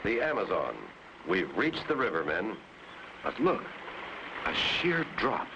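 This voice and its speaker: A man's voice: lowish voice, big pitch swings, slow pace. An actor playing a brave, firm male pilot hero in a 1950s cartoon. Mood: determined. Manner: firm, commanding. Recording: lo-fi old cartoon soundtrack, hiss.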